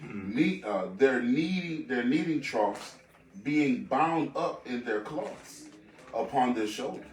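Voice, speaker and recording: A man reads Bible verses aloud for a class in a mid-range voice, steady and plain, sometimes stumbling on a word. He sounds set back from the mic in an echoey room. Faint background noise sits under his voice. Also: mid-range voice, takes it slowly. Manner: steady reading, stumbles on a word now and then. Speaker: scripture reader in a class. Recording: echoey room, picked up from a distance.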